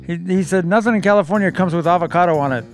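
A man with a notably high voice joins easygoing podcast banter, tripping over his first words before his point comes out. Faint music runs behind him. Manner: halting, repeats words when starting a sentence. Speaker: podcast co-host. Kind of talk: casual chat.

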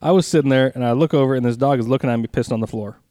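A man trades rambling stories on a casual podcast, cursing freely and breaking into laughter. His voice sits at an everyday middle pitch. The sound is dry and close, with no room around it. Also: racing, dark tone, no room sound. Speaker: podcast co-host. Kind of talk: casual storytelling chat.

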